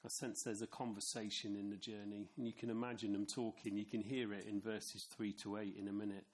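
A man's voice: fairly low pitch, flat delivery, brisk. A middle-aged man from England preaching a sermon in a chatty, storytelling way, with asides to his listeners. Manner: conversational, anecdotal, with asides to the congregation.

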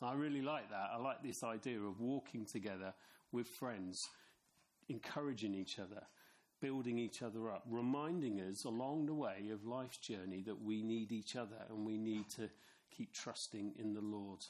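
A man's voice: on the low side, normal speed, a little mellow. Conversational middle-aged male preacher. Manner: conversational, anecdotal, with asides to the congregation. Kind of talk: sermon.

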